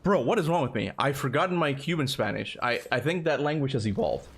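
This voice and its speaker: Excitable man in his thirties streaming. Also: medium pitch, fairly quick, creaky, slightly rough. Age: 30s. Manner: excitable, talks straight to chat. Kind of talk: casual livestream chat.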